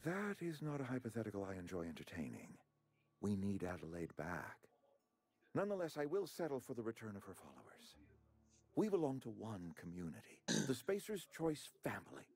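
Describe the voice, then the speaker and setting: A man's voice: on the low side, huge pitch swings, brisk, a little mellow, husky, soft background music, heavily acted. A man voicing a pompous middle-aged outpost administrator in a video game, who talks in a formal, fussy and ingratiating way. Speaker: game character.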